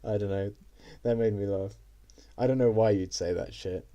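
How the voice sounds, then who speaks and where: Young male vlogger, deep mellow voice, loose rambling storytime delivery full of fillers and cursing. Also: fairly even intonation, normal speed, dull audio. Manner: rambling, heavy on fillers and swearing. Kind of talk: casual storytime monologue.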